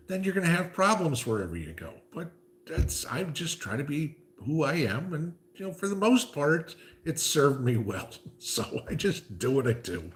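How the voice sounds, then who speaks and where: A man hosting a casual livestream, reading viewer comments and chatting, with frequent "okay?" asides. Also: mid-range voice. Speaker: livestream host reading chat.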